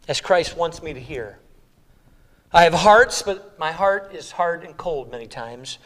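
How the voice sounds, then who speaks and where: A male pastor preaching a sermon with a somewhat high voice. He drops to near-quiet, tender lines, then builds to loud, urgent emphasis. His delivery is earnest and expressive. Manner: impassioned, swinging between hushed and loud emphatic delivery.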